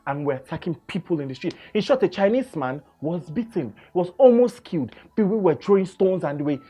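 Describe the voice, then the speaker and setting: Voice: medium pitch, animated, fairly quick, warm tone, husky, faint music behind. Emphatic Nigerian radio host. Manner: emphatic, repeats phrases for stress. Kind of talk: opinionated radio monologue.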